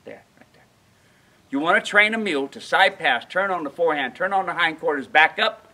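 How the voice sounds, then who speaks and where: Bright, high-voiced man teaching mule handling. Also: lively intonation, fairly quick, rough recording. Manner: folksy, emphatic, asks the audience questions. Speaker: mule trainer. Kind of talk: outdoor training demonstration. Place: outdoors at a ranch with a mule.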